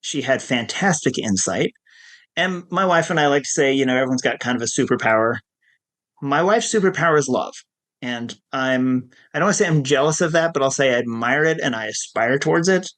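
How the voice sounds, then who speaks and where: A man's voice: mid-range voice, animated, brisk, fairly bright tone. A middle-aged man who works as an addiction counselor, telling his story in an interview in a candid, self-deprecating way and laughing easily.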